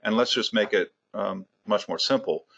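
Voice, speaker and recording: A man's voice: fairly low pitch, moderate pace, creaky, a bit bright. A man hosting a healthcare webinar, talking conversationally with plenty of fillers and a dry sense of humor. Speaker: webinar host, healthcare consultant. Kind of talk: webinar discussion. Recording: dull, muffled audio.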